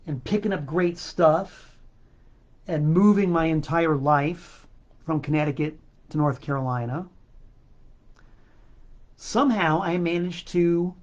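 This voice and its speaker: A man hosting his own show, talking casually in a rambling, chatty way with many asides, his throat a bit choked up. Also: a little high. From South Florida. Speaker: podcast host and record seller. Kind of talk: casual solo monologue. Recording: dull lo-fi sound.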